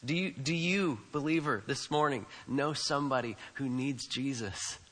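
A man's voice: medium pitch, moderate pace, fairly bright tone, big-room sound. A man preaching a sermon, emphatic and repetitive, often asking the congregation questions. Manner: emphatic, repeats phrases, asks the congregation questions. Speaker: pastor.

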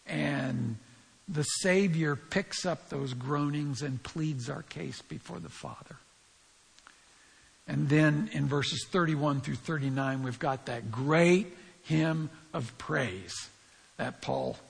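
A man's voice: on the high side, creaky, breathy edge, big-room sound. A man with a scratchy voice giving earnest, emphatic verse-by-verse Bible teaching and speaking straight to his listeners.

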